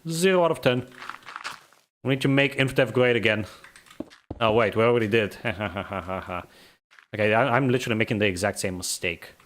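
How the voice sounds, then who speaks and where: A man's voice: on the low side, normal speed, long pauses, fairly bright tone. A man from the Balkans, streaming a game and chatting casually, grumbling and rambling as he laughs at himself.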